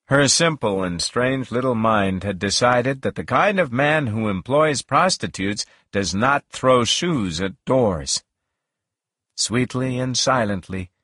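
A man reading a first-person novel aloud in a slow, measured, expressive way. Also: lowish voice, husky, no room sound, clean studio sound. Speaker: audiobook narrator.

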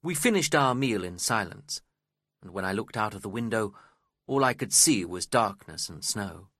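A man reading a story aloud as its narrator, in a slow, measured and expressive way. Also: on the low side, husky, no room sound, clean studio sound.

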